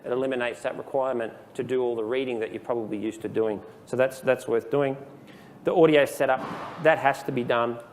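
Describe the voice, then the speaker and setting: A man giving a casual, explanatory software training presentation to a live audience in a room. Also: medium pitch, fairly even intonation, fairly quick, in a large hall, slight background noise. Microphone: handheld dictation microphone.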